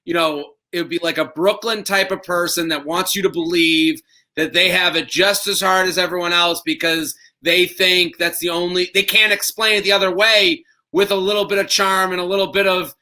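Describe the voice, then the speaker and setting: Man, high pitch, very bright sharp tone, comedian, rambling, casual chat. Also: steady tone, moderate pace, rough recording. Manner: rambling, self-aware, many fillers and restarts. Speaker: stand-up comedian.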